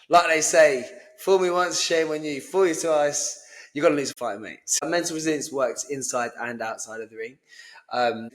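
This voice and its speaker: A young man talks boxing mindset in a loose, blunt way and swears now and then. His voice sits at an ordinary middle pitch for a man. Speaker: boxing coach and podcast host. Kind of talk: casual motivational chat.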